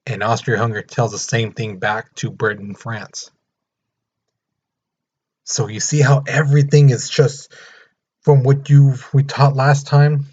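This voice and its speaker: Male history teacher, animated storyteller, husky, lo-fi recording. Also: medium pitch, unhurried, long pauses. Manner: animated, storytelling, acting out the countries. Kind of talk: casual recorded lesson. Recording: muffled lo-fi recording.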